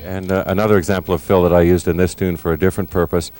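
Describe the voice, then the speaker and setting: A middle-aged man in a recording studio, explaining drum fills in a measured, thoughtful way. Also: sits low, flat delivery, darkish tone, soft background music. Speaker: drummer giving a lesson. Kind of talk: instructional explanation.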